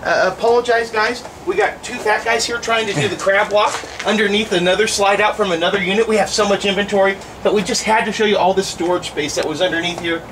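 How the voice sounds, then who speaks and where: High-pitched guy selling an rv, folksy and chatty, lot noise behind him. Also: fairly even intonation, quick pace, few pauses. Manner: upbeat, folksy sales patter. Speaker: RV salesman. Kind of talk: walkaround sales video. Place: in and around a motorhome on a sales lot.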